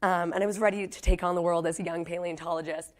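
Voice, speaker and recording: A young woman from Canada giving a casual public lecture while losing her voice. She speaks low and hoarse, and her delivery is chatty and self-deprecating. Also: steady tone, quick pace. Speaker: guest lecturer.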